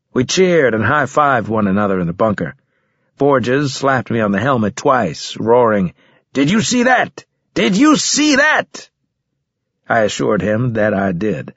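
A man narrating a first-person military science-fiction audiobook in a steady, measured way. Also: on the low side, breathy edge, dry recording, muffled recording.

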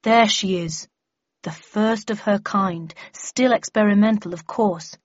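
A woman's voice: mid-range voice, a little slow, no echo, lightly acted. A woman voicing an earnest, fussy young male lab scientist who explains things carefully and matter-of-factly. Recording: slightly muffled lo-fi recording.

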